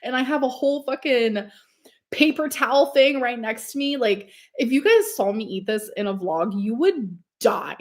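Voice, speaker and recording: A woman's voice: on the high side, animated, moderate pace. A young woman chatting casually on a livestream, gushing over food and reading the chat. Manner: chatty and gushing, says "like" a lot. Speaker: streamer reading live chat.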